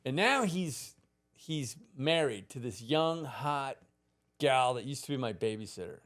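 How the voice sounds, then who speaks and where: Animated, laughing man around sixty. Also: mid-range voice, unhurried. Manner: animated, profane, laughs through his stories. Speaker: podcast guest. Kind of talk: casual storytelling.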